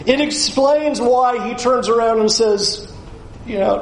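Male pastor preaching, animated, fairly high voice, roomy echo. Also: measured pace, slight background noise. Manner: lively, animated, breaks into acted quotes. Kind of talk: sermon.

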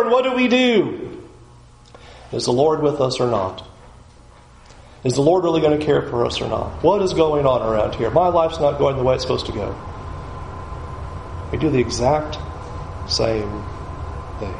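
Male preacher, high voice, roomy echo; dynamic delivery swinging from loud climbs to hushed lows. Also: expressive, gravelly. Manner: swings from loud rising emphasis to low quiet pleading, slows on key words. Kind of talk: sermon.

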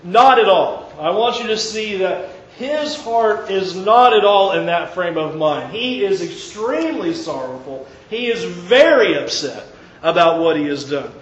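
A male pastor preaching an earnest, emphatic sermon, pausing mid-phrase and restarting. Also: high voice, expressive. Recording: echoey, dull church recording with faint hiss.

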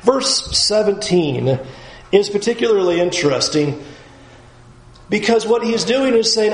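A man's voice: sits high, lively intonation, measured pace, pauses often, roomy sound, rough recording. A man teaching a Bible study in an earnest, conversational way.

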